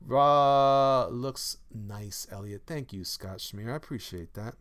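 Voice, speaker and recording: A man's voice: mid-range voice, slow pace, few pauses, a bit bright. Playful man chatting on a live stream. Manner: playful, reads chat aloud, hums and sings snippets. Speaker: comic artist streaming live. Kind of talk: casual live-stream chat while drawing.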